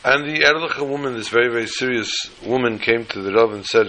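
A male religious teacher delivers a sermon through a told story. He is animated and emphatic, stacking up repeated phrases as he goes. His voice is bright and forceful at an ordinary middle pitch. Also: fast, hardly any pauses, slight background noise, low-quality recording.

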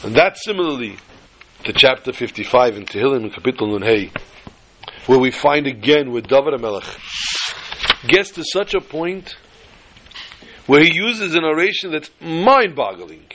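A man giving a sermon as a rabbi, telling it as a lively story and mixing in Hebrew and Yiddish terms. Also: medium pitch, moderate pace, pauses often, slight background noise, rough recording. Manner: animated storyteller who acts out joke characters.

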